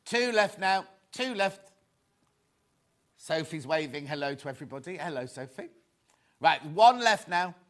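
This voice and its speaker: A man presenting a live shopping show, chatty and excitable, rambling to the crew and viewers between sales. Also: a little high, a little slow, long pauses. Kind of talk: live selling chat.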